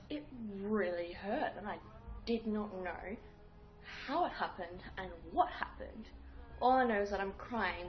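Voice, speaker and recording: Young woman, casual vlogger, rambling and chatty; dull lo-fi recording. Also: medium pitch. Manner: chatty, rambling with fillers and acted-out quotes. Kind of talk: casual storytelling to camera. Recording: dull lo-fi audio with faint music.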